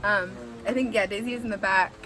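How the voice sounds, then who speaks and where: A woman's voice: medium pitch, fairly quick. Chatty young woman telling a story. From San Francisco Bay Area. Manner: chatty and animated, heavy "like" fillers, swears, laughs while telling. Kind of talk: casual storytime vlog.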